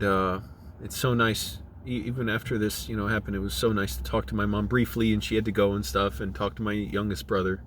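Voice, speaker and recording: A middle-aged man, choked up, talking in a halting, emotional way, with many restarts and fillers. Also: on the low side, a little hiss or hum. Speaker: channel creative director. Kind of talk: personal video diary.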